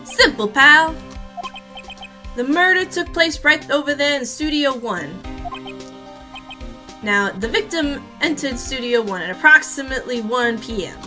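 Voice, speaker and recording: A woman's voice: high-pitched, lively intonation, a little slow, long pauses, faint music behind, exaggerated voice. A woman doing a blustering Southern cop. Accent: put-on Southern US. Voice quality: loud, blustering, says pal. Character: gruff loyal male police detective.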